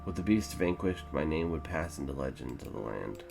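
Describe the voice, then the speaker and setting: A man's voice: extremely low pitch, animated, brisk, vocal fry, over music, exaggerated voice. A man voicing an eager young male fighter in a story read aloud, in an earnest, plain reading. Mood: dreaming.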